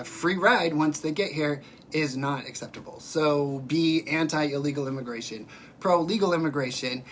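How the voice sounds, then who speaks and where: Low-voiced, emphatic woman. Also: fairly bright tone, a little hiss or hum. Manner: emphatic, rambling, talks straight to viewers. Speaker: livestream political commentator. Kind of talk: unscripted livestream monologue answering viewer comments.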